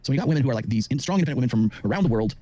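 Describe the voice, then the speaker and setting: A middle-aged man who lectures with rapid confidence, full of fillers, as a dating commentator on a podcast. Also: mid-range voice, expressive, mellow. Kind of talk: monologue on a podcast.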